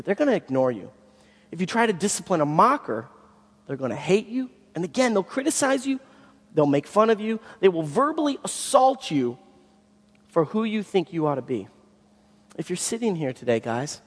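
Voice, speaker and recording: Pastor guy preaching, lively storyteller, goes loud then hushed, long echo from the big room. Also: a little high. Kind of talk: sermon. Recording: long hall reverb.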